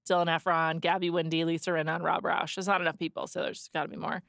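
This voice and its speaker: A young adult woman co-hosting a casual podcast, giving lively opinions in a chatty way. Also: deep voice, quick pace, vocal fry, dry recording, studio quality. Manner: lively, opinionated, frequent "like" and restarts. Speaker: podcast co-host. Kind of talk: casual chat.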